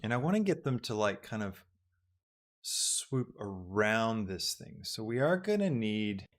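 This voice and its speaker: A young man hosting a live software tutorial, thinking aloud as he works with lots of ums. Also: lowish voice, big pitch swings, a little slow. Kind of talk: live-streamed casual tutorial.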